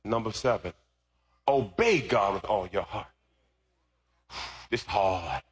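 A man pastor preaching a sermon, telling a story and then rising into shouted preaching. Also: lowish voice, lively intonation, slow pace, slightly rough.

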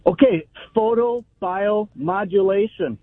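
A high-voiced man calls into a radio talk show over a tinny phone line. He jokes dryly and explains things matter-of-factly. His voice sounds dry and close. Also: slow, no echo. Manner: dry joking, matter-of-fact. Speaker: caller. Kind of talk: call-in radio chat. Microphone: telephone.

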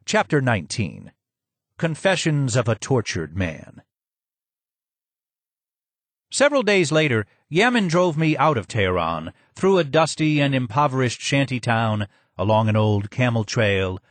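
Brief: male audiobook narrator, middle pitch, measured first-person storytelling, dry studio sound. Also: dry recording.

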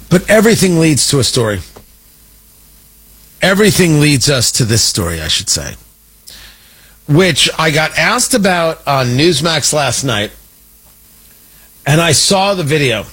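A man's voice: on the high side, fairly bright tone, breathy edge, low-quality recording. A man hosting a political commentary show, talking in an indignant, emphatic way with mocking asides. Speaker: talk show host.

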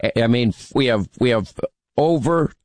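A man's voice: medium pitch, animated, normal speed, darkish tone, dry recording. Emphatic man hosting a talk radio show. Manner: emphatic, teasing, rally-style delivery. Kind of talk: talk radio, taking calls.

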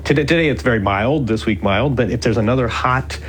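A man's voice: mid-range voice, a little fast, slight background noise. A man speaking as a sports journalist guest in a live radio interview from a remote location, thoughtful and stopping to restart his sentences. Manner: thoughtful, hesitant with restarts and fillers. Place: remote location, not the studio.

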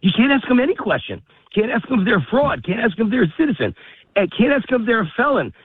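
A man's voice: very high voice, very animated, breathy edge, no room sound. Breathless man ranting over a phone line. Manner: fast, heated ranting with rising emphasis. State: out of breath, walking a dog. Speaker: guest commentator. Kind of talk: political talk radio interview. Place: outdoors in a park, walking. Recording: phone-line call, dry.

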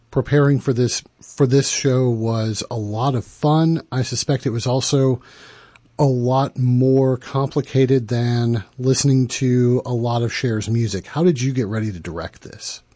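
A man interviewing a guest, asking deliberate, measured questions. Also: medium pitch, mellow, no echo.

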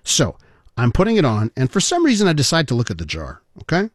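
A man hosting a talk radio show, telling a story in a playful, animated way and speaking straight to his listeners. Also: medium pitch, quick pace, dry recording, studio quality. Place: radio studio. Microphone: studio microphone.

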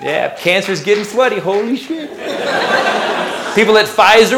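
A man doing a sarcastic stand-up comedy routine, incredulous and shouting his punchlines. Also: high-pitched, animated, moderate pace, reverberant, background noise.

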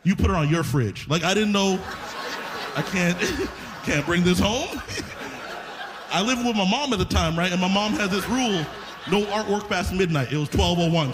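A man telling a stand-up story before a live audience, quoting people in quick asides. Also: high voice. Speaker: stand-up comedian. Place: live comedy stage.

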